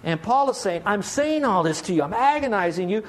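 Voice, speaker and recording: Man, pastor, sermon, earnest and pleading, high voice. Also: lively intonation, fairly quick. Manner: earnest, pleading, asks many rhetorical questions.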